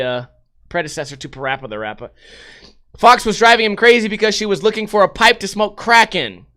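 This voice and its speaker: Comic host reacting to headlines, bright voice, big swings in pitch. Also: male voice. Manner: animated, profane, laughing asides. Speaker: comedy commentator. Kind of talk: comic reading of news articles.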